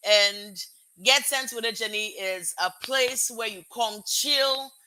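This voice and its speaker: A woman hosting her own live-streamed show in casual chat, bubbly and excitable, greeting viewers one by one from home. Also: on the high side, unhurried. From Africa. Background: music playing.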